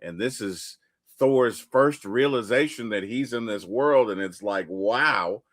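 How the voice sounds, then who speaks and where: A man hosting a casual movie recap, retelling scenes in an animated way and acting them out. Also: on the low side, slow pace, no echo, clean studio sound. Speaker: podcast host.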